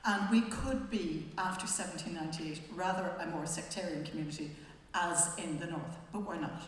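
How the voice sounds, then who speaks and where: A woman's voice: on the low side, normal speed. Irish woman speaking in an echoey hall. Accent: Wexford Irish. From Wexford, Ireland. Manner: conversational and wry, with frequent hesitations. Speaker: panel speaker presenting a book. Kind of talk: public talk. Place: library event hall. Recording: very echoey hall, faint noise.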